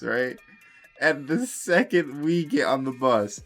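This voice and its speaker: A man's voice: medium pitch, lively intonation, measured pace, fairly bright tone, faint music behind. A young man telling a storytime tale in a casual, rambling way, swearing and laughing as he goes. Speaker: storytime vlogger.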